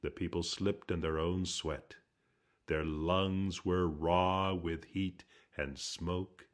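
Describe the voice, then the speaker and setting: Slow, low-voiced male storyteller. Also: fairly even intonation. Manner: slow, hushed, dramatic telling. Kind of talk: storytelling narration.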